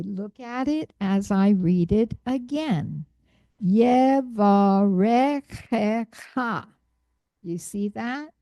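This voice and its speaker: Woman language teacher, slow and patient, mellow voice, dry close sound. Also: mid-range voice, no room sound. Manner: patient, slow, correcting pronunciation. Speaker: Hebrew teacher. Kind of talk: classroom lesson.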